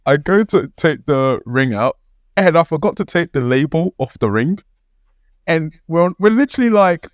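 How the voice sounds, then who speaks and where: Young british guy on a podcast, dry close sound, animated story, cursing a lot. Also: mid-range voice, dry recording. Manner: animated, swears freely, laughs mid-story. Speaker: podcast co-host. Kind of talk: casual storytelling.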